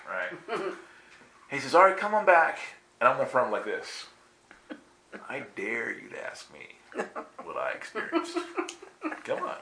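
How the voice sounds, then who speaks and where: A man's voice: mid-range voice, sharp tone, a little hiss or hum. A man animatedly telling a faith story, acting out dialogue and laughing often. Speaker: guest telling a testimony. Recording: echoey room with faint ambience.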